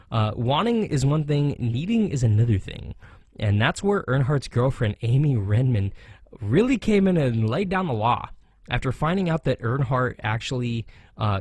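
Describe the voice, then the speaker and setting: A man's voice: medium pitch, dry recording. Opinionated American man, dry studio sound. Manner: animated, sarcastic, mocks others in jokey voices. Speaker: racing talk show host. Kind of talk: opinionated solo commentary.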